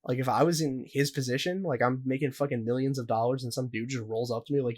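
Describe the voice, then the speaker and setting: A man's voice: mid-range voice, fairly even intonation, fast talker, a little mellow. A young man co-hosting a podcast, telling a story in a rambling, profane way full of filler words. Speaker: podcast co-host. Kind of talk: casual podcast chat.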